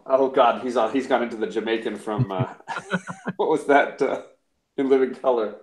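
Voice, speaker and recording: Man, mid pitch, loose joking live-stream chatter, roomy echo. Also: moderate pace. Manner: joking, rambling, self-deprecating. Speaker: comic auction co-host. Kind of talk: casual live-stream chat.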